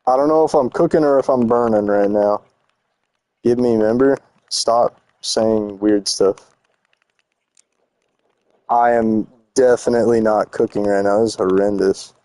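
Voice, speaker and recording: A man's voice: on the low side, a little slow, pauses often, mellow, dry recording. Young man rambling on a live stream. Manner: rambling, slangy, teasing chat with lots of "bro" and "dude". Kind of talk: casual live-stream chat while building in a game.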